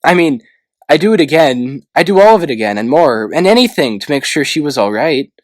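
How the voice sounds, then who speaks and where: A man's voice: on the high side, big pitch swings, a little fast, no room sound, voice pushed up. A man reading aloud, voicing a loyal, kind-hearted young male dragon in a pleading, emphatic way.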